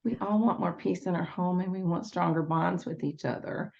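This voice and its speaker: A woman with a low, gravelly voice explains her work as a parenting educator in steady, teaching tones. Her guest answers have a patient, instructive manner. The sound is dull and lo-fi. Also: moderate pace. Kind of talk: interview answers. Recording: dull lo-fi audio.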